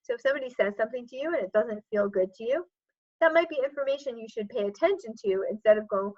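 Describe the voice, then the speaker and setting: A woman's voice: fairly high pitch, expressive, fast, darkish tone. A woman coach as a podcast guest, talking earnestly and reflectively in casual conversation, with many "like" and "sort of" fillers. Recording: dull lo-fi audio.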